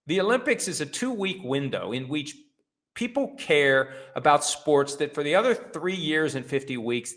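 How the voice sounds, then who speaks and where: A man's voice: fairly high pitch, a bit bright. A middle-aged man hosting a sports talk show, giving blunt, sarcastic opinions with casual swearing. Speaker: host.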